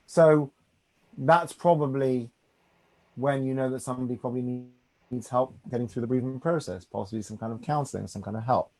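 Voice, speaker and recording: A man's voice: medium pitch, brisk, darkish tone. A man, a rabbi teaching a study class in a conversational way, often checking in with "right?". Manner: conversational, reassuring, asks "right?".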